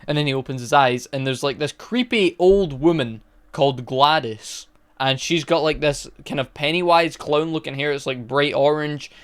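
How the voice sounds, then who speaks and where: A man's voice: on the high side, moderate pace, fairly bright tone, clear, resonant tone. A young man casually retelling a movie's plot for a review, rambling along with restarts and fillers. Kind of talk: casual spoken film review.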